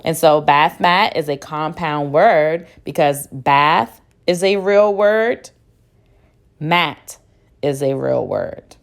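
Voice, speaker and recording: Slow, low-voiced woman teaching phonics. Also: gravelly. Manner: sounds out words syllable by syllable, patient. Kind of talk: phonics lesson, slow and deliberate.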